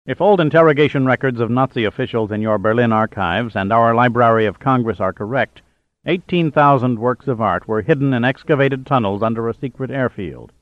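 Man doing a laconic hero diver, calm, understated, mid pitch. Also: a little fast, no room sound, lo-fi sound, lightly acted. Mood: cool.

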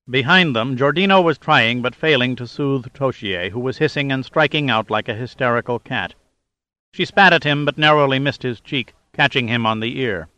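A man narrating a thriller audiobook in a steady dramatic reading. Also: medium pitch, normal speed, dry recording. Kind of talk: scripted narration.

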